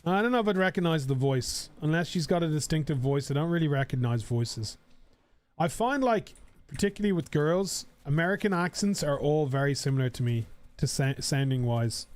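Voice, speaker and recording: A young Irish man from Ireland chats casually while streaming a game, rambling along with frequent fillers and casual swearing. His voice is fairly high-pitched and expressive with a darkish tone, and he talks a little fast.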